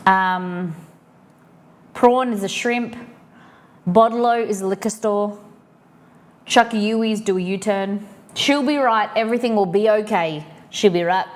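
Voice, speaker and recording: An Australian woman hosting a livestream, chatting casually and rambling as she explains slang to her viewers. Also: medium pitch. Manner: chatty and rambling, lots of "like" fillers. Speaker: livestream host.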